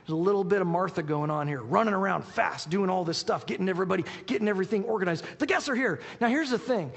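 A high-voiced male pastor preaches quickly and with animation, reading scripture aloud and often restarting his sentences. His voice rings through a reverberant church hall. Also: creaky, breathy edge. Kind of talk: sermon with Bible reading.

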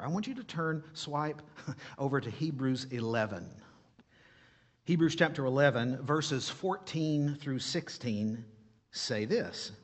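A man with a foreign accent preaching a sermon. He keeps asking his listeners questions and then answering them himself. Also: medium pitch. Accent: non-native English. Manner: animated, asks the congregation questions and answers them.

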